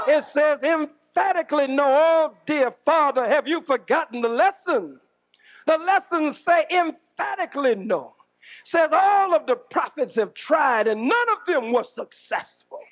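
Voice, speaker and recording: Male minister, high-pitched, fierce preacher cadence, muffled old tape. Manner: preaching with dramatic pauses and shouted outbursts. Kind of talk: fiery sermon-style speech. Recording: dull lo-fi archive recording.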